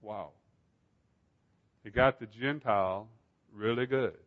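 A man's voice: lowish voice, slow, phone-quality sound. A man preaching a Bible study sermon in an emphatic style, asking rhetorical questions.

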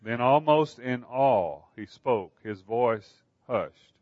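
A man narrating a book calmly, in a dull, dry recording. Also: mid-range voice, dry recording. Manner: slow, calm reading. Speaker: audiobook narrator. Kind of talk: scripted narration.

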